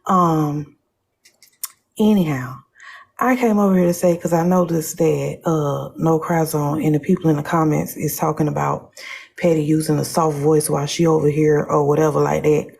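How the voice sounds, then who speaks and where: Deep, gravelly woman, measured and formal. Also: fairly even intonation, a little mellow. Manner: measured, formal, insists on respect. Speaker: live-stream guest. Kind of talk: late-night live-stream debate.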